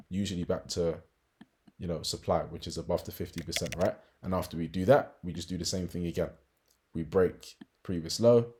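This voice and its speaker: A man's voice: sits low, a little mellow. A man giving a casual market analysis walkthrough as a trading educator, chatty, with frequent tag questions and fillers.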